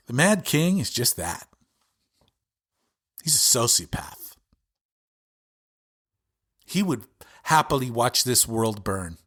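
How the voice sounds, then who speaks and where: A man's voice: medium pitch, fairly bright tone. A male podcast host giving an impassioned, profane political rant with heavy emphasis.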